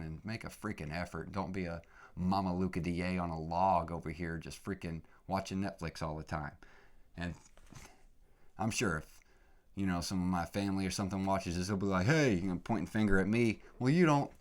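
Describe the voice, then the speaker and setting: A young man hosting a solo podcast, talking casually with lots of "dude" and "man", dropping to low mutters and then climbing to excited shouts. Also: a little fast. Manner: casual, swears lightly, says "dude" and "man". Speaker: podcast host.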